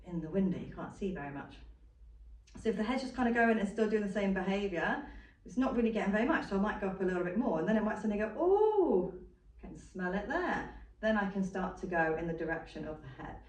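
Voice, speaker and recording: A woman's voice: mid-range voice, fast. Roomy, distant woman dog trainer. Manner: patient, explains step by step with repeated reminders. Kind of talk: instructional demonstration. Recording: roomy sound from a distant mic.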